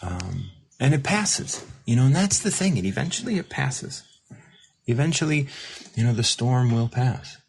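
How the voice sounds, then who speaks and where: A man's voice: mid-range voice, lively intonation, normal speed, gravelly, a little mellow, a little hiss or hum. A man hosting a recovery show, talking in a rambling, reflective way with many fillers and restarts, now and then reading viewer comments aloud. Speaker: recovery mentor and show host. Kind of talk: casual livestream monologue.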